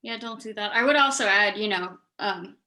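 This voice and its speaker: Bright-voiced woman, easygoing chat. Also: mid-range voice, normal speed. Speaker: podcast guest. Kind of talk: casual roundtable discussion.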